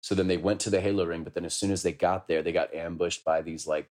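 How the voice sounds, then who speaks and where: A man's voice: sits low, little pitch movement, fast talker, a little mellow. A man co-hosting a podcast, rambling and swearing in casual chat about a video game. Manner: rambling, profane, laughs while mimicking characters. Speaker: podcast co-host.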